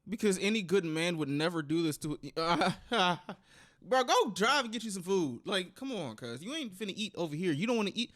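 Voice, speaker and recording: A woman's voice: fairly low pitch, lively intonation, moderate pace. A woman hosting a reaction video, talking back at the story in an exclamatory, slangy and profane way. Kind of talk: casual reaction commentary.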